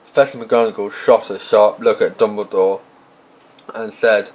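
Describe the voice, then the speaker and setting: A lower-pitched man reading a story aloud as a casual amateur audiobook narrator. His reading is relaxed and informal, with the odd stumble and restart along the way. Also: moderate pace, poor audio. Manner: casual, with slips and off-script asides.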